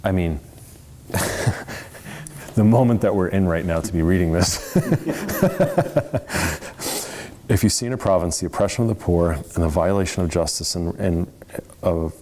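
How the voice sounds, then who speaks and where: Deep-voiced man leading a Bible study. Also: measured pace, long pauses, a little mellow. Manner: earnest, conversational, rambling asides. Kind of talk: casual teaching. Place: church.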